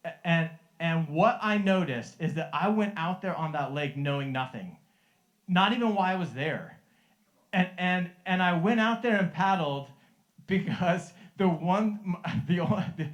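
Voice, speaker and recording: A man's voice: high voice, animated, moderate pace. A middle-aged man and Christian life coach telling a testimony to a live group, earnest and often laughing, with many restarts.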